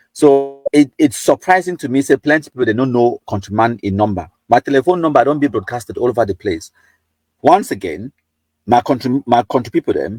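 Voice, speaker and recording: A man's voice: medium pitch, darkish tone, dry recording. Cameroonian man reading live comments. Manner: mixes Pidgin and English, reads viewer comments, chuckles. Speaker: live-stream host.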